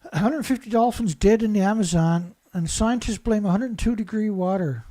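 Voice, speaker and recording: In a high, warm voice at normal speed, a Canadian man rails against the news. He's an environmental commentator reading reports and mocking them in a profane, sarcastic rant.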